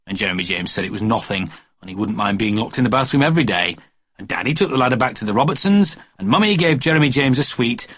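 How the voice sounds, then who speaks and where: Male audiobook narrator for a kids' story, animated, husky. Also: mid-range voice, no room sound.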